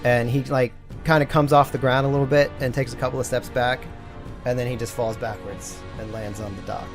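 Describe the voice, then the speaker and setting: A man's voice: medium pitch, level tone, fairly quick, over music. A young man narrating a tabletop game as game master, casual and rambling with many fillers.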